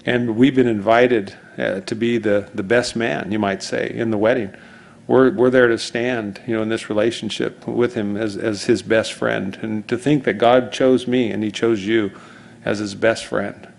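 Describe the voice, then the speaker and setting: Conversational pastor with rambling asides. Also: male voice, mid-range voice, fairly even intonation, moderate pace, gravelly. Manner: rambling storytelling with many asides and restarts. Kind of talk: conversational sermon.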